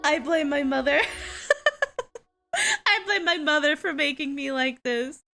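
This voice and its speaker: A young woman's high, bright voice swings widely as she chats on a stream. She giggles through her sentences and restarts her thoughts often, and she talks at an unhurried pace. Faint music plays behind her. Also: very animated. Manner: rambling, self-correcting with many restarts. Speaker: VTuber streamer. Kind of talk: casual storytelling chat.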